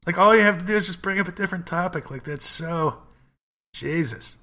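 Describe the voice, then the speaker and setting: A man's voice: high-pitched, brisk, pushed and bright. A man co-hosting a podcast and giving advice in casual chat, blunt and profane, with rambling asides. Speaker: podcast co-host.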